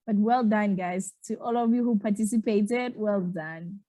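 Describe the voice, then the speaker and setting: A woman's voice: mid-range voice, takes it slowly, dark tone, no room sound. A woman co-hosting an online maths class, cheering the learners on. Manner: cheerful, encouraging.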